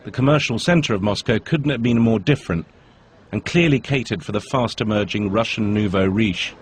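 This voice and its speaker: A man's voice: on the low side, normal speed, a little hiss or hum. A British man in his forties reading scripted voice-over narration with dry, wry understatement.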